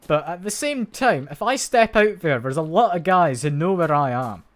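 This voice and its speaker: A man's voice: fairly high pitch, animated, normal speed. A man giving live commentary while playing a shooter game, thinking aloud and making wry, self-mocking jokes. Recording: loud game gunfire and ambience behind voice.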